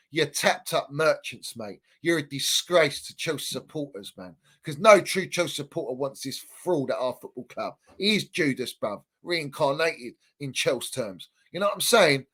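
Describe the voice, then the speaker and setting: A man's voice: a little high, fairly bright tone. A man hosting a fan channel livestream, ranting heatedly in slang and repeating himself. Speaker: football fan channel host.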